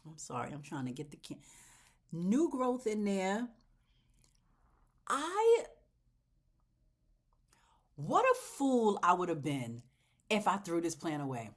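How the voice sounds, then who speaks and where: A woman hosting a casual plant vlog, talking straight to her viewers in a chatty, heartfelt way, swinging between loud exclamations and soft near-whispers. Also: fairly low pitch, big pitch swings, measured pace, long pauses. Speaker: plant channel host.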